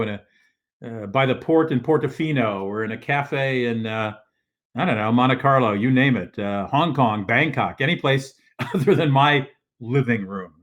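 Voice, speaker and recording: An older man hosts a casual travel show from his living room over a video call. He rambles along in a mid-pitched voice, full of fillers and restarts. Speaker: host. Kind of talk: casual live-stream talk. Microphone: video call setup.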